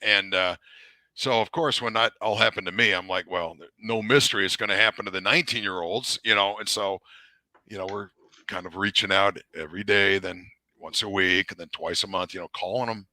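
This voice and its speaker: Middle-aged guy, really low voice but bright and forceful, dry close sound, rambles w/ lots of "you know". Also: fairly quick, no room sound. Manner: rambling, animated, many fillers and restarts. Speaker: podcast guest, retired Marine officer. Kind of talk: casual storytelling interview.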